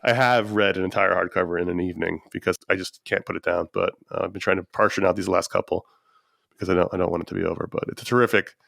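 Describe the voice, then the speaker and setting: Sick man with a gravelly low voice. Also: a bit bright, no echo, studio quality. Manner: enthusiastic, rambling. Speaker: podcast host. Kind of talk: casual chat.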